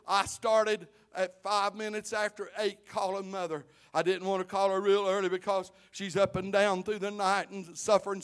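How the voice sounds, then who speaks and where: A male pastor with a high-sitting voice preaches a sermon that starts as quiet storytelling and builds into loud, shouted exhortation.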